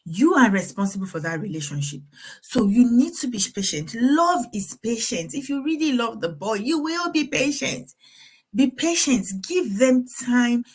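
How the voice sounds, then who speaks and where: A woman's voice: a little high, expressive, normal speed, breathy edge. A middle-aged woman giving earnest, faith-based parenting advice, laughing now and then as she talks. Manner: earnest, advising, laughs often. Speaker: parenting speaker.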